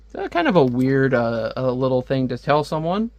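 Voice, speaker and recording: A man's voice: mid-range voice, sing-song, normal speed, darkish tone, no room sound. A man chatting casually while reviewing a comic, laughing often and full of fillers.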